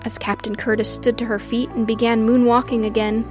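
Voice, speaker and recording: Female storybook narrator, warm and expressive, slightly high. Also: fairly quick, faint music behind.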